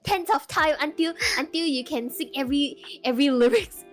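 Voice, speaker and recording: A woman's voice: high voice, animated, a little fast. A young woman guest streamer with a non-native English accent, chatting in a bubbly, teasing, encouraging way. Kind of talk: casual chat.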